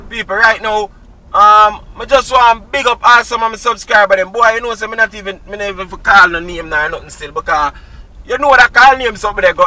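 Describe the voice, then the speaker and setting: A man's voice: high voice, a little fast, sharp tone, recorded from a distance, rough recording. A Jamaican man chatting casually to viewers while driving on country roads, repeating friendly catchphrases. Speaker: driving vlogger. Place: inside a car on country roads.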